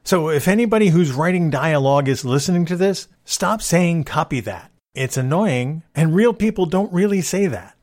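A man's voice: on the high side, animated, moderate pace, few pauses, darkish tone. A man hosting a casual solo podcast, talking in a wry, exasperated way. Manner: wry, exasperated complaining about movie cliches. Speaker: podcast host.

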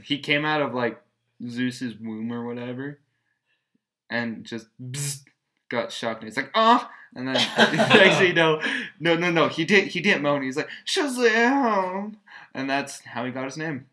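A man's voice: mid-range voice, normal speed, sharp tone. A young man in casual podcast chat, joking and laughing often, using slang.

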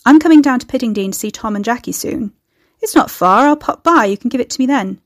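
A woman voicing an arrogant, manipulative ex-boyfriend who pleads in a low, smooth, self-pitying way. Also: animated, fast talker, no room sound, clean studio sound, close to an everyday voice. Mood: wheedling.

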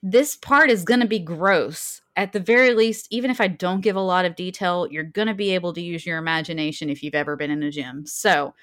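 A woman's voice: fairly low pitch, brisk, few pauses, fairly bright tone. A woman co-hosting a podcast, chatting casually and reading out quoted passages with her own asides. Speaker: podcast co-host.

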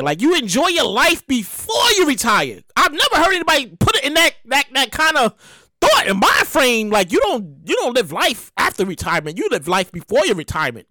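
A high, bright woman's voice that swings wildly up and down as she rattles off a story. She talks fast, laughs often and swears freely, and the sound is close and dry. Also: big pitch swings, dry recording. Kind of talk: casual storytelling monologue.

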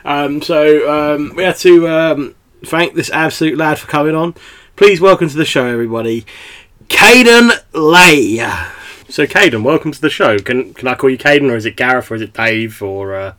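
A man's voice: mid-range voice, a little fast, fairly bright tone. A young man hosting a podcast, chatting casually in a rambling way with lots of fillers and laughter. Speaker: podcast host. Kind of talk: casual chat.

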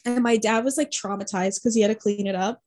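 A woman's voice: fairly high pitch, steady tone, fast talker, darkish tone, dry recording. A young woman in casual chat, telling a family story with many fillers and acting out what her relatives said. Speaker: podcast co-host.

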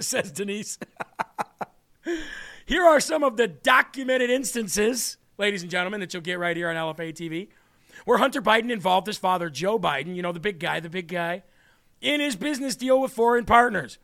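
A man's voice: sits high, expressive, normal speed, gravelly, long pauses, sharp tone. A male political talk show host giving sarcastic, mocking commentary with frequent laughter. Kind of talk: opinionated commentary.

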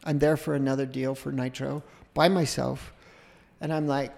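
Gravelly middle-aged man telling a rambling story. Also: mid-range voice, a little slow, big-room sound. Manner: rambling, animated anecdote with self-interruptions. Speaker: podcast guest. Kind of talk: casual storytelling.

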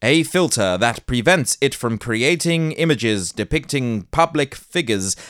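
A man's voice: medium pitch, lively intonation, unhurried, fairly bright tone, dry recording, studio quality. A man hosting a podcast, reading tech news aloud and breaking into playful, theatrical jokes. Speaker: podcast host. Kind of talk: news reading with comic asides.

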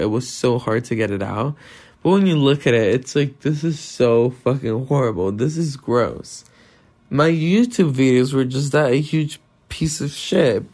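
A man's voice: medium pitch, darkish tone. Candid young man with a non-native accent. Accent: non-native English accent. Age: young adult. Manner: candid, self-deprecating, swears often. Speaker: podcast host. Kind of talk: casual solo monologue.

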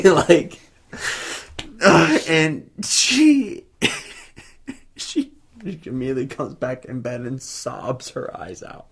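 Male podcast co-host, mid-pitched, swinging pitch, storytelling with nervous laughs. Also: very slow, vocal fry, long pauses, breathy edge. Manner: animated, laughs through his own story. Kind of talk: casual chat, storytelling. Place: video podcast set.

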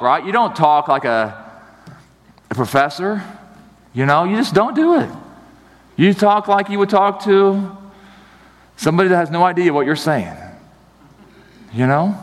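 A man's voice: on the high side, normal speed, long reverb tail. A man pastor in his thirties giving a sermon in a chatty, storytelling way, acting out the people in his stories. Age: 30s. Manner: conversational storytelling, animated.

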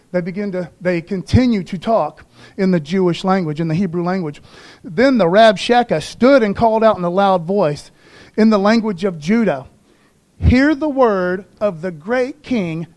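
A man's voice: sits high, normal speed, darkish tone. A man pastor preaching a conversational sermon in slangy everyday talk, calling for responses from the congregation.

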